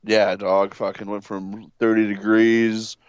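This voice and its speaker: Congested podcast co-host, low voice, loose and profane, dull dry recording. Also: male voice, little pitch movement, slow, smooth, no room sound. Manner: laid-back, swears a lot. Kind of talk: casual chat.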